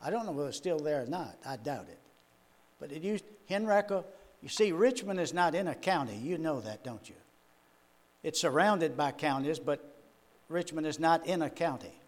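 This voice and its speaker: A man's voice: on the high side, expressive, normal speed. An older man, a minister preaching a sermon in a folksy, chuckling, storytelling way. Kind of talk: sermon with personal stories.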